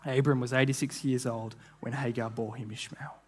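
A man's voice: mid-range voice, steady tone, slight background noise. A man giving a sermon as a guest preacher, earnest and often restarting phrases, now and then acting out what people might have said. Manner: acts out imagined voices in quick asides.

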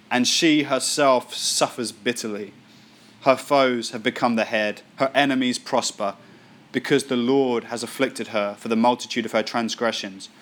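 A man giving a Sunday sermon as the speaker at church, reading scripture slowly and then acting out quotes and voices with lively emphasis. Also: mid-range voice. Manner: animated preaching, acts out voices and quotes. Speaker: pastor.

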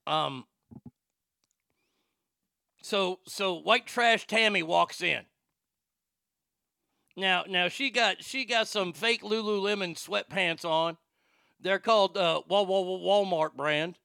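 Guy telling a crude mocking story, kinda gravelly and high, dry close sound. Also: slow, pauses often, pushed and bright, dry recording. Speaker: storyteller and prank caller. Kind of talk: casual crude storytelling rant.

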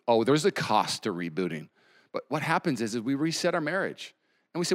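A man in his thirties preaching a sermon as pastor, animated, with sudden loud exclamations. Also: mid-range voice, fast.

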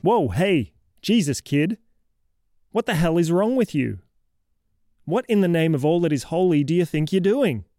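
A man's voice: mid-range voice, lively intonation, moderate pace, mellow, no room sound, clean studio sound, faint music behind, natural voice. A man playing a cranky townsman who lectures and mocks a kid in a comic horror monologue. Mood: scolding. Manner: exasperated, mocking, lecturing.

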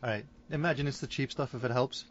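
A man's voice: medium pitch, fast, muffled recording, a little hiss or hum. A man with a Scouse accent from Liverpool, co-hosting a podcast and reading crude jokes aloud with frequent laughter. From Liverpool, England. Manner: laughs often, reads jokes aloud with a chuckle. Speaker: podcast co-host. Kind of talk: casual podcast banter telling jokes.

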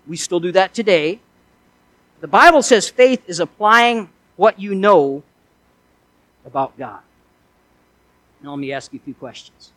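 A man's voice: high voice, no echo, poor audio. A male pastor preaching a sermon in an earnest way, asking his listeners one rhetorical question after another.

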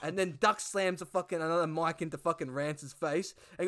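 A man's voice: a little high, brisk, hardly any pauses, a bit bright. An Australian man hosting a podcast, retelling a sketch in casual, crude, rambling chat. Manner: rambling, crude, full of fillers. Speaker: podcast host.

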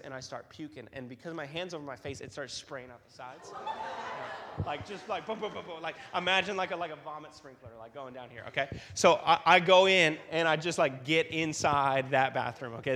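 A man's voice: a little high, brisk. Man preaching in a reverberant hall. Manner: animated storytelling, many fillers and repeated starts. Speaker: youth pastor. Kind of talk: youth sermon with personal story. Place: youth group room.

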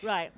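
A woman in her fifties, a stand-up comedian chatting on stage in a put-on mock Russian accent, bawdy and self-mocking, laughing through her lines. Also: fairly high pitch. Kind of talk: comic chat interview on stage.

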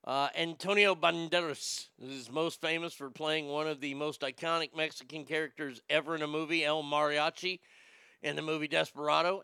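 A man's voice: on the high side, pushed and bright, clean tone, dry recording, clean studio sound. A man ranting casually about movies, profane and rambling, reading out viewer comments as he goes.

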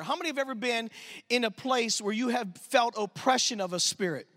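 Man, youth pastor, very high voice, sharp tone, animated church storyteller. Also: a little fast. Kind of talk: sermon storytelling. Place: church service.

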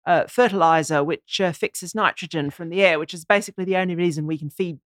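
A woman's voice: fairly low pitch, quick pace, no echo, studio quality. A woman guest in a podcast discussion, explaining and lecturing on how words are used. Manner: explanatory, lecturing on language usage. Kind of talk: casual discussion.

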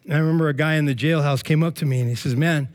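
A male pastor giving a sermon in a lively, joking, conversational way. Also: on the high side, rapid-fire.

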